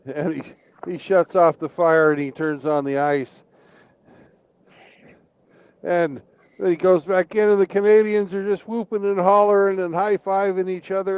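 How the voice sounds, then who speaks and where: A man's voice: sits high, moderate pace, a little mellow, clear, resonant tone, dry recording. A man in his fifties hosting a casual live-stream chat, telling a joke loosely with swearing and fillers. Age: 50s. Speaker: host. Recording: dull lo-fi audio.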